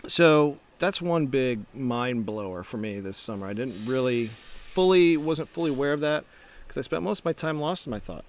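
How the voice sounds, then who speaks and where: A middle-aged startup founder and coach gives a casual, reflective motivational talk to camera, restarting thoughts and posing rhetorical questions. His voice sits a little high and sounds creaky, at a moderate pace. There's slight background noise.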